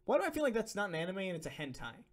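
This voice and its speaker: A man's voice: high-pitched, huge pitch swings, very fast. A young man streaming, reading donation messages and answering viewer questions in a rambling, profane, filler-heavy way. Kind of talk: casual live-stream Q&A.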